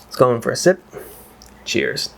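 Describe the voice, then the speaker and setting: A man's voice: normal speed, fairly bright tone, a little hiss or hum. A man reviewing whiskey in a casual, rambling chat that wanders off on tangents and is full of exclamations. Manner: exclaims and swears freely.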